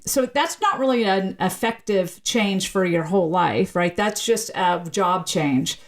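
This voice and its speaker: Woman, linguist guest, from the American South, explanatory, articulate, checks in with "right?", mid pitch. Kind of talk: podcast interview, explaining.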